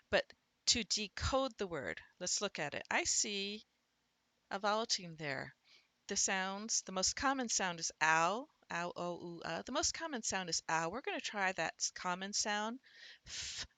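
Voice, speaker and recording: A woman teaching reading, explaining words step by step and sounding them out slowly as she thinks aloud. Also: fairly low pitch, pushed and bright, no echo. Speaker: literacy instructor.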